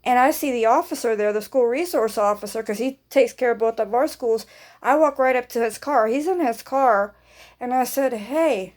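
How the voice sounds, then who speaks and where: A woman's voice: on the high side, moderate pace, darkish tone. A woman vlogger telling a rambling personal story in casual speech, swearing freely and acting out what people said.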